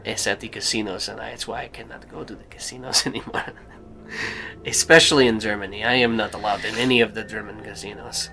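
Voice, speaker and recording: Bright-voiced male game master. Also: on the low side, steady tone, vocal fry. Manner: rambling, halting, with fillers and laughs. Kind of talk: narrating a tabletop game.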